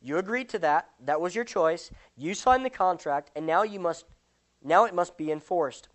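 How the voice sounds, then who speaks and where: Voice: medium pitch, expressive, moderate pace, natural voice. A reader voicing a stern creditor demanding justice. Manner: firm, insistent.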